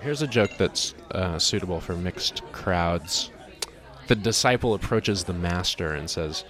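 A man telling a joke about a master and a disciple in a solemn, measured way. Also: low-pitched, crowd noise.

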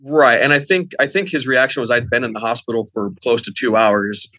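Brief: middle-aged male podcast guest, quick rambling delivery, dry close mic. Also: mid-range voice, sharp tone, no room sound. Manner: rambling, lots of fillers and quoted dialogue. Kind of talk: casual storytelling.

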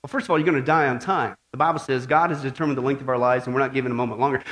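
A male pastor giving a lively, joking sermon with emphatic delivery. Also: fairly high pitch, fast talker, hardly any pauses.

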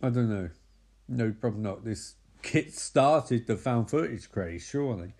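A man's voice: medium pitch, expressive, unhurried, darkish tone, breathy edge. A man giving a sarcastic, sweary comic recap of a film. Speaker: movie recapper.

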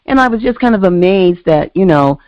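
A woman's voice: a little fast, no echo. A woman casually telling a story on a podcast, animatedly acting out the voices of the people in it. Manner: animated, acts out quoted voices with big pitch jumps. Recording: dull lo-fi, dry sound.

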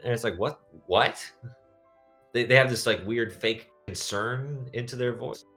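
A young man from the United States, hosting a casual podcast chat, rambling through tangents with deadpan jokes. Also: medium pitch, measured pace, soft background music. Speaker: podcast host.

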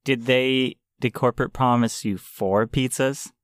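A man with a mid-range voice chats casually, playful and quick to riff on a joke. His voice is dry and close to the mic. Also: medium pitch, steady tone, clean tone, no echo. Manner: playful, riffs on jokes with a laugh. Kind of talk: casual chat.

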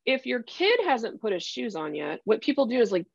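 A career strategy coach, appearing as a guest on a podcast, chats casually in a fairly high, husky voice with vocal fry at a normal speed. She tells animated stories, acting out little quoted scenes as she explains. The audio is dull but has no echo.

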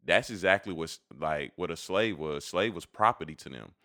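Very deep, dry-sounding man telling stories. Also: moderate pace, pushed and bright, dry recording. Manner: laid-back anecdotal storytelling, slangy. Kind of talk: casual chat.

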